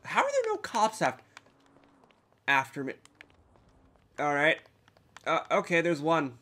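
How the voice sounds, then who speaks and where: A man's voice: fairly high pitch, huge pitch swings, slow pace, sharp tone. A young man in his twenties giving rambling, frustrated, swearing commentary over a game. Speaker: gamer. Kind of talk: let's play commentary.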